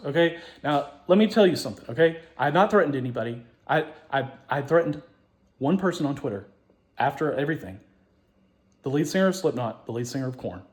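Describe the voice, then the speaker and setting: Rambling, profane man, loud and soft swings. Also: animated, brisk. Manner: profane, rambling, repeats himself, restarts often; voice swings from low mutters to loud outbursts. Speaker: show host. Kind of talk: rambling personal storytelling.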